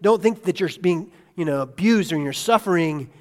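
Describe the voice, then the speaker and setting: A male pastor preaching a conversational sermon in a church, asking his congregation questions and swinging between hushed asides and loud, excited bursts. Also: sits high, moderate pace. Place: church sanctuary. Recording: long hall reverb.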